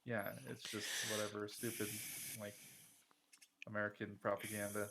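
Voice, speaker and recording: A man's voice: on the low side, monotone, background noise. Hesitant man chatting while gaming. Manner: hesitant, halting, with restarts. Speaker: fellow player. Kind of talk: casual gaming chat.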